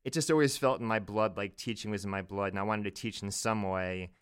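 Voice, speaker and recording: A man from Virginia Beach with a neutral General American accent, a law professor answering interview questions in a measured, earnest way. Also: lowish voice, clean tone, no echo, clean studio sound. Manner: measured, earnest, laughs easily. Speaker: law professor, podcast guest.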